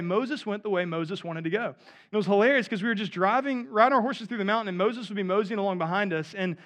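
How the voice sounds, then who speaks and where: A man's voice: high-pitched, pushed and bright. A man in his thirties preaching a sermon in a conversational way, often asking his listeners "right?". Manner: conversational, asks the audience "right?". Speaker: pastor.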